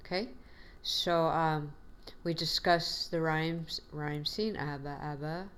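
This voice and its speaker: Slow, low-voiced woman teacher lecturing. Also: fairly even intonation, fairly bright tone, smooth. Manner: patient, encouraging, with fillers. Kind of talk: classroom lecture.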